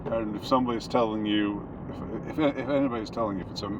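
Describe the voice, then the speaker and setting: A man speaking in a casual monologue from a car, halting and rambling with many restarts. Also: lowish voice. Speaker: commentator. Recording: dull lo-fi with steady noise.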